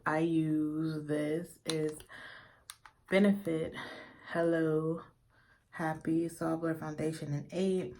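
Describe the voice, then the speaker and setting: A young woman, a little tipsy, chatting casually through a makeup tutorial, rambling and swearing in playful trash talk. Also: low-pitched. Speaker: beauty vlogger.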